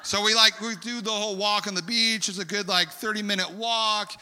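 A man from California telling a rambling, animated story in a sermon, full of fillers and asides. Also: sits high, brisk, clean tone. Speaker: preacher. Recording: long hall reverb.

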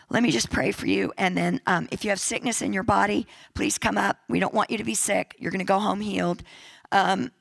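A woman pastor with a raspy voice, deeply gravelly and full of fry, preaching in a sermon. She keeps it chatty and jokey and repeats key lines for emphasis. The sound is dry and close, with no room around her. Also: no echo, poor audio. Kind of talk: sermon with church announcements and prayer.

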